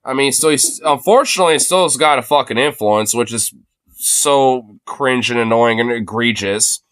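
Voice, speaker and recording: Excitable, foul-mouthed man streamer, bright voice. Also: medium pitch, normal speed, no echo. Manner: excitable, laughs often, bursts into shouts; crude, swears constantly. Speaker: streamer reacting to political clips. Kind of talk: casual profane commentary.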